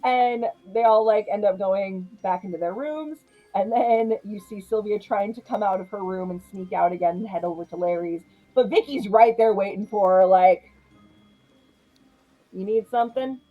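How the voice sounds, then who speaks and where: A young woman casually recapping a horror comedy, chatty and animated, laughing often. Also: medium pitch, moderate pace, few pauses, phone-quality sound. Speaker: film reviewer.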